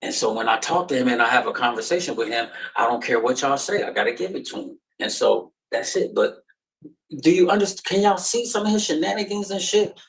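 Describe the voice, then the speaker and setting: A man's voice: mid-range voice, animated, a little fast, gravelly, a bit bright, low-quality recording. A man hosting a podcast, talking in an emphatic, slangy, preaching way. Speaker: podcast host. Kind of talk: casual chat.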